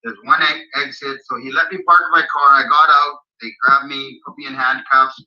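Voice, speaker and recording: A man telling his own story in casual chat, animated and blunt, swearing freely. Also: mid-range voice, moderate pace. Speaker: guest recounting a personal story. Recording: dull lo-fi audio.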